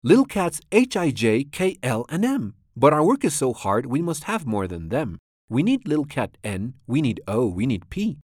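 Man putting on tiny eager kittens, high and excited, chanting, loud, dry close sound. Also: normal speed, dry recording. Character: tiny eager male kittens, hard-working.

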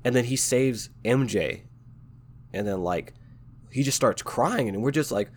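A man's voice: medium pitch, a little slow, long pauses. Congested man talking shop casually. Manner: laid-back, slangy, fond of "like" and "man". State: congested, stuffy nose. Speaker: podcast host and novelist. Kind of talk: casual chat about writing craft.

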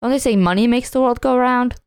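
A woman's voice: on the high side, fast, darkish tone, clear, resonant tone, no room sound. A woman co-hosting a podcast, chatting casually through a party video game, blunt and swearing freely. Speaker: podcast co-host. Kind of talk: casual gameplay chat.

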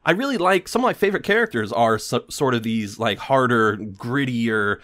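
A man's voice: medium pitch, lively intonation, normal speed, sharp tone. A man hosting a podcast, giving a rambling, sarcastic critique with lots of fillers. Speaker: podcast host. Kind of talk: casual critique monologue.

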